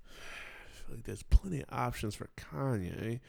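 A man co-hosting a casual podcast, thinking aloud with pauses and sighs. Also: mid-range voice, expressive, gravelly, background noise. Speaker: podcast co-host. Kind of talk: casual chat.

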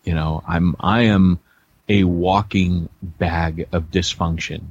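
Husky deep-voiced man rambling on a podcast. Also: slow pace, dull audio. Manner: rambling, self-deprecating, animated storytelling with many restarts. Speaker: podcast co-host, church planter. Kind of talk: casual podcast chat.

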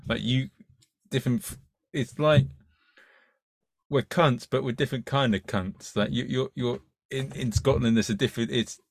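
A man's voice: mid-range voice, fairly even intonation, normal speed, gravelly, dry recording. A man hosting a casual interview, easygoing and swearing freely. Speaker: podcast host.

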